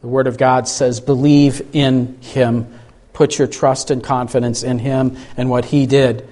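A man's voice: medium pitch, flat delivery, normal speed, darkish tone. A man preaching a sermon, speaking earnestly and reading scripture with dramatic emphasis.

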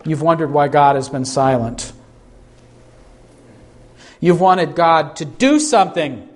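A man preaching a sermon, slow and emphatic, pleading through rhetorical questions. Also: on the high side. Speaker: pastor.

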